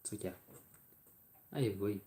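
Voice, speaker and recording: Irish man, live-stream chat, fairly low voice, halting, lots of fillers, apologetic to viewers. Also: mellow. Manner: rambling, halting, with many fillers and restarts.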